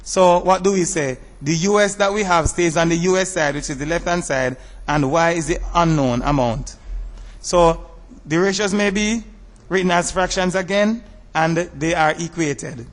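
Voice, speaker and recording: A man teaching a math lesson over slides, explaining step by step in a measured way and asking rhetorical questions. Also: high voice, fairly even intonation, in a large hall.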